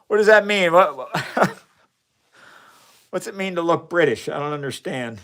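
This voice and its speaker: A man with a Midwestern accent hosts a casual science live stream indoors from his home chemistry lab, speaking in a slightly high, expressive, unhurried, fairly bright voice. He rambles amiably and answers viewers' chat comments into a phone camera that he flips around during the stream.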